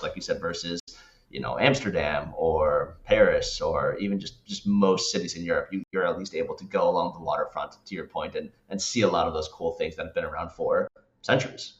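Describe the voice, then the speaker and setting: A man's voice: deep voice, a little fast. A man guest on a podcast, talking casually and rambling, with many restarts and tag questions. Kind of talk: casual interview talk. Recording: echoey, dull lo-fi sound.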